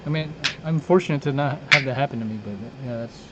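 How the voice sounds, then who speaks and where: A man's voice: mid-range voice, fast, a loud crowd. A man co-hosting a casual podcast over a video call, chatting loosely and swearing now and then. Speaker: podcast co-host. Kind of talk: casual chat. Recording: lo-fi call audio with clear background noise.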